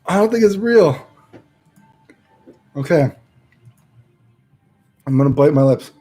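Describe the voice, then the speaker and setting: A man streaming live, trying to read aloud and repeatedly breaking into helpless laughter, speaking slowly and haltingly between fits. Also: a little high, expressive, dark tone, soft background music.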